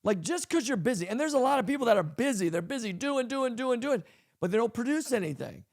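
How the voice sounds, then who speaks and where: A pastor hosts a casual podcast and talks about leadership in a high, gravelly voice. He drives his points home with emphasis and repeats key lines. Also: big pitch swings, quick pace, a little mellow.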